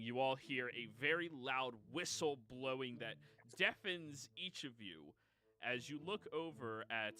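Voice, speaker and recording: A playful man running a tabletop game as game master. His voice is bright and tense and ranges widely as he narrates the scene. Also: medium pitch. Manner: playful, hums and laughs.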